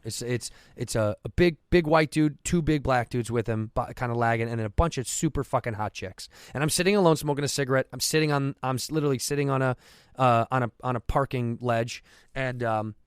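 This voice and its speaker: A man and guest comedian telling a profane, animated story in casual chat on a studio podcast mic. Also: mid-range voice, smooth, dry recording. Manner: animated, profane, acts out quoted voices.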